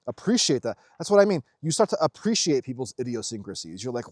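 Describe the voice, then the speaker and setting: A man delivers an unscripted spiritual monologue in a plain, mid-pitched voice. He is blunt and profane and swings his pitch widely whenever he mimics other people. The sound is dry and close. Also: big pitch swings, quick pace, few pauses, darkish tone, no echo. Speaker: spiritual vlogger.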